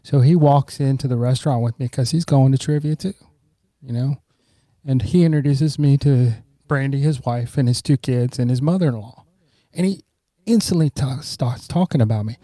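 Mellow-voiced man telling a long story. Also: mid-range voice, normal speed, no echo, clean studio sound. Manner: rambling anecdotes with frequent "you know"; earnest, grateful tone. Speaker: podcast guest. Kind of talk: conversational storytelling.

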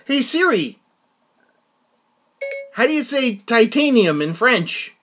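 High-pitched, excitable rambling man. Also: slow pace, a little hiss or hum. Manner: excitable, rambling, breaks into laughter. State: slightly out of breath. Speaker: podcast host reviewing a film. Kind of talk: casual monologue.

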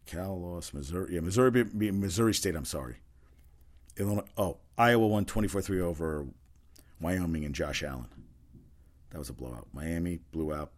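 Man, very low voice, casual sports chat, rambling, opinionated, lots of fillers. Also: darkish tone. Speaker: sports talk host. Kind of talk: casual solo sports rundown.

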